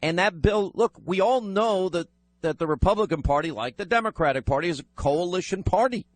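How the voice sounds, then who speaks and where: Male talk radio host, firm and fast-moving, a touch higher than most men. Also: no room sound.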